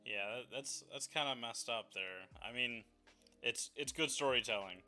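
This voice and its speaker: A man co-hosting a podcast, chatting casually in halting bursts with many restarts. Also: medium pitch, bright, forceful tone, faint music behind. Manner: halting, restarts, laughs often. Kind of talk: casual chat.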